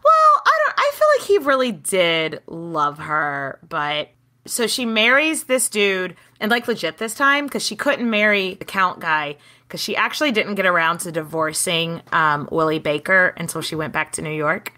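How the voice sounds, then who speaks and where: A woman co-hosting a casual history podcast, telling the story with lively acted-out quotes and casual swearing. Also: lowish voice, moderate pace. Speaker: podcast co-host.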